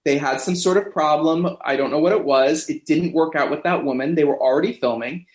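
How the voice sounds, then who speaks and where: A man in a casual podcast chat, telling lively backstage stories and acting out what people said. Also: fairly high pitch, a little fast. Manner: animated storyteller who acts out quoted voices. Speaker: podcast guest. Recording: roomy echo.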